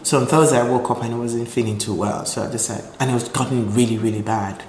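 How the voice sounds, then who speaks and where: A man from Nigeria telling his life story in an interview, animated and acting out voices in the quotes. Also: medium pitch, quick pace, slight background noise. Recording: roomy echo with faint ambience.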